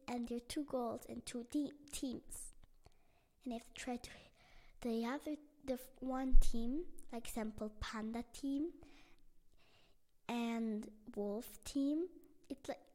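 A caring mother bunny explaining things to her child, voiced by a woman. She talks in a high voice, slowly and patiently, stopping to restart her sentences. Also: fairly even intonation, warm tone.

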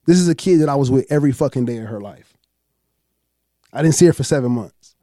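A man, host of a chat show, telling a long story in a profane, animated way and acting out what others said. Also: medium pitch, fast, no echo, clean studio sound. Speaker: podcast host.

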